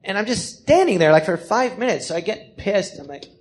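High-voiced man telling a profane story. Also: a little fast. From California. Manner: animated, profane, acts out the people he quotes. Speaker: comedian telling his story. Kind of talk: live storytelling monologue. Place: live theater stage.

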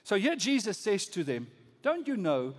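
A pastor preaching a sermon, swinging from loud rising emphasis to low, soft lines. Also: male voice, wildly swooping pitch, moderate pace, in a large hall.

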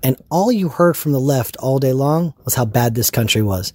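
A man's voice: mid-range voice, expressive, moderate pace, hardly any pauses, a little mellow, dry recording. A man speaking as a guest on a podcast, passionate and emphatic, repeating his points for force. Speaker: farm owner, guest. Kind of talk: casual podcast conversation.

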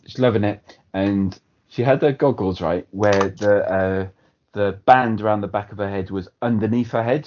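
A man's voice: lowish voice, darkish tone, muffled recording. A man from Wales co-hosting a podcast, rambling through funny stories about his daughter with laughs over a home mic on a call. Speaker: podcast co-host. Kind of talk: casual chat.

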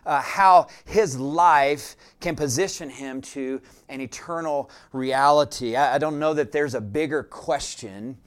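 A man preaching a sermon as pastor, speaking in a deliberate, reflective way with frequent "uh" fillers. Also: mid-range voice, clean tone.

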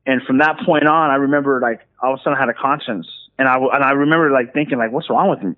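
A man's voice: mid-range voice, fast talker. A man, a minister, telling his story in casual slangy speech and acting out what others said. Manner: slangy, animated, acts out quoted voices. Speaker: guest minister. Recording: phone-like call audio.

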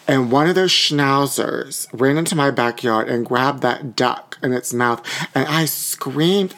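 Campy, animated male podcast host. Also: medium pitch. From small town outside Pittsburgh and West Virginia panhandle. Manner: campy, animated storytelling with quick asides. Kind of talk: casual chat.

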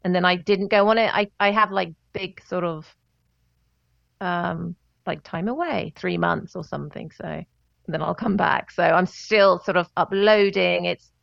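A woman tells her story in a loose, animated way, her low-set voice catching in a gravelly fry as she laughs and darts into little voices. The sound is dull and lo-fi, close and dry. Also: a little slow, no room sound. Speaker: guest, singer and vocal coach. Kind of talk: casual interview storytelling.

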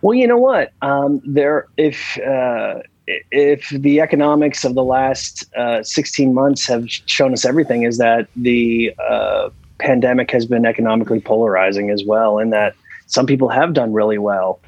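A man guesting on a podcast, telling stories in a lively, rambling way full of fillers. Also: mid-range voice, normal speed, no echo, highs cut off. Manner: animated storyteller with many fillers. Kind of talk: casual podcast interview.

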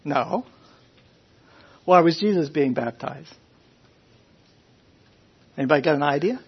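Guy teaching a bible class, folksy, asks questions, kinda husky, dull lo-fi recording. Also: a little high, a little slow. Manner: questions the listeners, folksy, animated. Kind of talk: conversational sermon.

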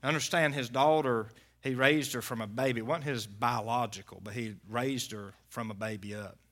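Bright-voiced preacher man. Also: medium pitch, steady tone, normal speed. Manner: folksy, swings between loud preaching and hushed storytelling. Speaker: pastor. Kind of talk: storytelling sermon.

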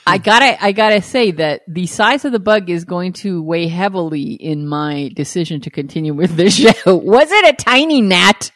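A woman's voice: fairly low pitch, expressive, normal speed, hardly any pauses, fairly bright tone, no echo, clean studio sound. A woman co-hosting a podcast in casual chat, teasing her friend and laughing often. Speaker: podcast co-host.

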